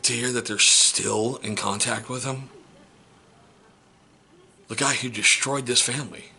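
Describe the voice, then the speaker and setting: A middle-aged step-parent vlogger, angry and holding himself back, talking through a painful family situation in a personal monologue. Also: male voice, mid-range voice, steady tone, measured pace, creaky, slightly rough. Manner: seething, restrained, voice cracking into sharp outbursts.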